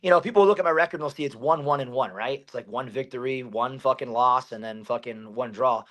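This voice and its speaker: A man's voice: mid-range voice, fast, fairly bright tone. A man guesting on a podcast as a fighter, talking intensely and swearing often as he builds into a fired-up rant. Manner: intense, profane, rising to a pumped-up rant.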